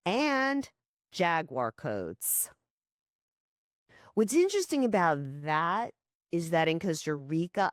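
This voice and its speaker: A woman co-hosting a podcast, telling stories in animated casual chat and swearing offhandedly. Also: fairly low pitch, slow pace, long pauses, no room sound, studio quality. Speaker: podcast co-host.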